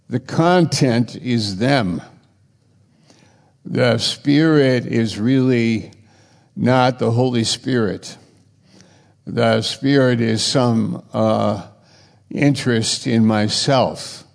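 Slow gravelly preacher in a reverberant hall. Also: male voice, a little mellow. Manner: slow and halting, rising to emphatic high bursts. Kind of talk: sermon.

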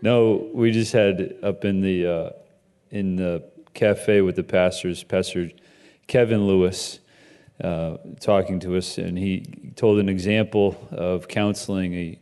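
A man with a very deep, dark and mellow voice tells a story to his church group. He acts out each person he quotes in it. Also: little pitch movement, a little slow, smooth. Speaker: group member telling a story.

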